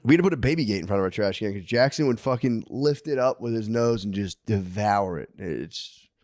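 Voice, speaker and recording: A man's voice: on the low side, lively intonation, a little fast, a little mellow, no echo, studio quality. A man co-hosting a podcast in casual, crude chat, laughing often and calling people dude. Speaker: podcast co-host.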